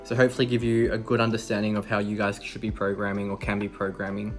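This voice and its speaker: A man's voice: on the low side, monotone, fast, faint music behind. A young man with an Australian accent chatting through a casual fitness vlog in an upbeat, laid-back way, explaining his training. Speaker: fitness vlogger.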